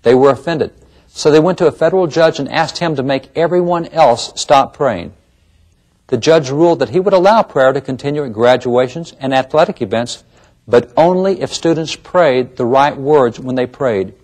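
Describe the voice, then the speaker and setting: Husky emphatic man lecturing on history. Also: medium pitch, normal speed, darkish tone. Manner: emphatic and rhetorical, with pointed questions. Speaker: history lecturer and series presenter. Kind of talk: documentary lecture.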